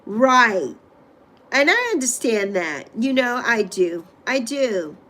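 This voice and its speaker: Greeting viewers by name on her casual livestream, this middle-aged host repeats phrases with gushing affection. She speaks slowly in a fairly high, sing-song voice with a sharp tone.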